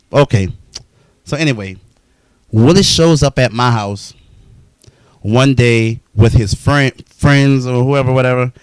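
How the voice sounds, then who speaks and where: A man's voice: medium pitch, dry recording, low-quality recording. A man telling his own life story in a blunt, profane, heated monologue.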